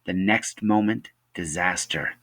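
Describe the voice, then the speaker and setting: A teacher reading a novel chapter aloud to his class in steady narration. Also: low voice, unhurried.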